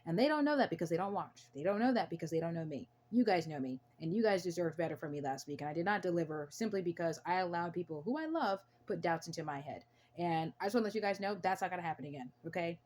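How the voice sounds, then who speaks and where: Speaking quickly with few pauses, this young adult from the United States addresses the camera on her channel, earnest and emphatic, repeating points to drive them home. Her lowish, animated voice has a darkish tone, and there's a little hiss or hum.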